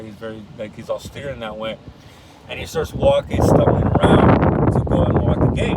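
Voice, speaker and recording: A man's voice: mid-range voice, a little hiss or hum, low-quality recording. A man casually recapping a novel, rambling and slangy, swearing and correcting himself as he goes. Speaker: book discussion vlogger.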